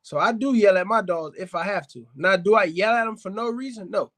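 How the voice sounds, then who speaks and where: A man's voice: high voice, a little fast, a bit bright. A man hosting a casual dog-advice talk, speaking straight to his viewers with blunt, emphatic repetition and calling them fam and y'all. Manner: blunt, emphatic, repeats himself for stress. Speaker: dog breeder and podcast host.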